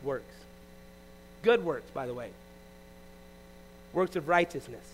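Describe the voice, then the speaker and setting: A man preaching a sermon as pastor, animated, swinging between loud exclamations and hushed asides. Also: on the high side, slow pace, rough recording.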